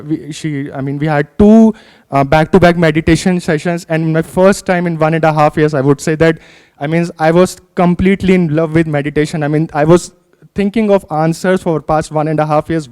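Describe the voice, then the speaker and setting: Smooth-voiced Indian man giving grateful feedback. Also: on the high side, a little mellow. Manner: grateful, hesitant. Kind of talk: feedback talk.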